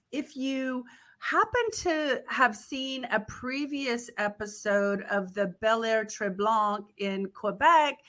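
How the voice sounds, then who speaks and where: A woman's voice: mid-range voice, bright, forceful tone. A woman hosting a travel podcast interview, upbeat and chatty, laughing easily. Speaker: podcast host.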